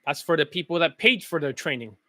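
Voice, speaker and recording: A man's voice: fairly high pitch, animated, a little fast, sharp tone, dry recording. A male dating coach and host commenting on a client's testimonial, brash and profane, mocking rival coaches.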